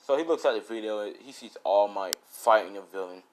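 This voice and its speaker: A man's voice: fairly low pitch, brisk, slight background noise. A man casually improvising a fan fiction story, rambling with lots of fillers and the odd swear.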